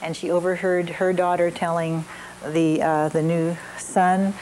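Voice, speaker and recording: Older female instructor, story-driven class talk, low and mellow, some faint noise. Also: level tone, unhurried, rough recording. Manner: warm storytelling with examples, frequent fillers. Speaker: parenting class teacher. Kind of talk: evening parenting class talk.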